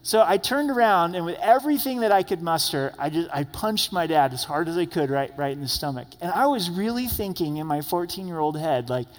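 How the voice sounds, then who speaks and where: High-voiced male pastor preaching in a reverberant hall. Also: expressive, a little fast, hardly any pauses. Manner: storytelling, acts out quoted voices. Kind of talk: sermon. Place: church sanctuary.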